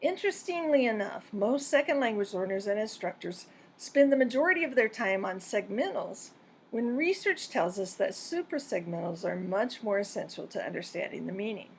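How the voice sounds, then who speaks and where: Woman, lesson narrator, measured and precise, mid-pitched voice. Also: animated, a little hiss or hum. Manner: clear, deliberate, measured delivery. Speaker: pronunciation teacher. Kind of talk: scripted instructional narration.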